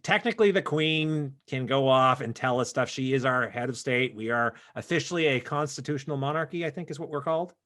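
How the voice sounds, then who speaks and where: A man's voice: medium pitch, fairly quick, few pauses, fairly bright tone. Chatty married man hosting a podcast. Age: adult, married. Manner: joking, chatty, many fillers and restarts. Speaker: podcast co-host. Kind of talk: casual podcast chat.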